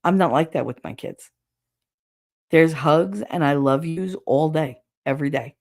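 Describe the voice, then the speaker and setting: A woman host chatting casually and bluntly with viewers, swearing freely, her throat raw and hoarse. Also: low-pitched, a little slow, darkish tone. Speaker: show host reading viewer comments. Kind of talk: casual solo livestream chat.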